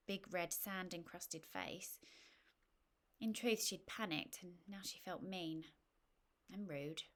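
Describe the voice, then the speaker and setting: A woman reading a short story aloud, with a wry, gently humorous delivery. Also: fairly low pitch. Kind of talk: scripted narration.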